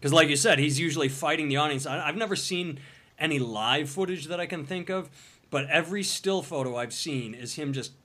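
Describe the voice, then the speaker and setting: A man's voice: on the high side, fairly quick, bright, forceful tone. A man hosting a podcast, telling crude jokes and sarcastic stories in casual banter. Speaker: podcast host.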